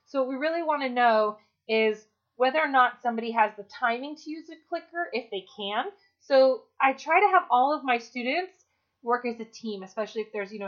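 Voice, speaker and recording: A fairly high-voiced woman talks through a dog-training lesson in a practical, chatty way, with fillers here and there. The recording sounds dull and lo-fi. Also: a bit bright. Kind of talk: instructional talk.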